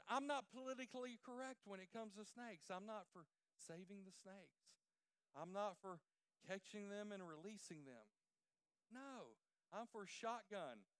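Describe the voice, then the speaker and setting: A man preaching a sermon through folksy, emphatic, animated stories. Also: sits high, clean tone, dry recording. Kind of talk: storytelling sermon.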